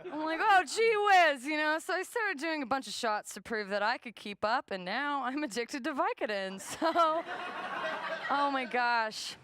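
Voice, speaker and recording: A young woman from the American South doing a stand-up set, deadpan and self-mocking, chuckling between jokes. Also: sits high, moderate pace, no room sound. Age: young adult. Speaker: stand-up comedian.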